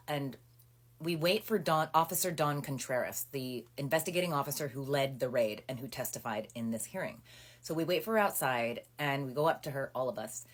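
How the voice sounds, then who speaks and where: A woman in her thirties, talking close to a phone camera indoors, recapping a personal story with indignation and lots of fillers. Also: a bass voice. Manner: animated, indignant retelling with many fillers.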